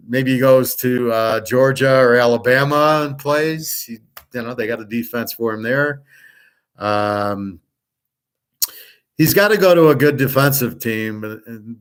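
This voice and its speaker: A man's voice: medium pitch, smooth. Blunt, profane man ranting on a live stream. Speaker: sports handicapper and show host. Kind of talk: casual live-stream rant.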